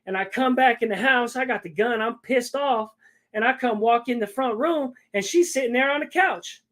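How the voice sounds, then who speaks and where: A man's voice: very high-pitched, moderate pace, a bit bright. A man telling a long story in casual chat, rambling and stopping often to check in with the listener. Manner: rambling, keeps checking in with "right?".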